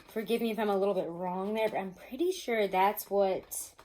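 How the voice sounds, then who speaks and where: A woman's voice: medium pitch, fairly even intonation, moderate pace, mellow, rough recording. Chatty woman giving a tarot reading. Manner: chatty, rambling, laughs often. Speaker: tarot reader. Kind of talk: casual tarot reading to camera.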